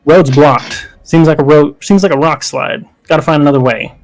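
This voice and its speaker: A man voicing a gruff woman bus driver in short, clipped phrases. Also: fairly high pitch, normal speed, faint music behind, close to an everyday voice, poor audio. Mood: curt. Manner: curt, clipped.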